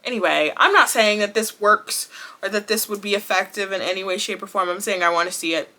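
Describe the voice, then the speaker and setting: A woman hosting her own wrestling vlog in casual chat, animated and blunt, swearing and laughing often. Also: mid-range voice, brisk. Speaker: wrestling vlogger.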